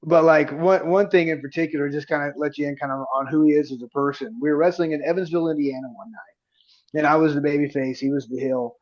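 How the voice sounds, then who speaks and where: A man's voice: on the high side, fast talker, muffled recording. A man in his forties, a guest on a podcast, telling stories casually and acting out the dialogue he recalls. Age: 40s. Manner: animated storyteller who acts out quoted dialogue. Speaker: guest, independent pro wrestler. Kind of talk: casual storytelling in a podcast interview.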